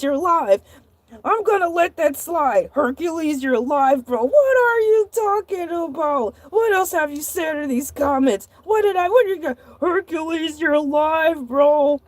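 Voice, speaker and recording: Woman voicing a male shark show host, high-pitched, rambling, indignant, repeats himself, dry close sound. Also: dry recording. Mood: irritated. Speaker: livestream host. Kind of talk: comedic live-stream character monologue.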